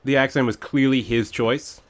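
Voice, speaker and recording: Tearing into a movie on a podcast, this co-host keeps a medium pitch, fairly even intonation and a moderate pace. His chat is casual and wry, laced with criticism and rambling digressions.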